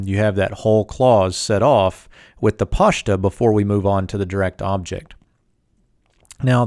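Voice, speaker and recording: A man teaching a Hebrew language lesson in a calm, methodical way, walking through each term step by step. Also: fairly low pitch, no room sound, studio quality. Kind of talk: screen-share Bible language lesson.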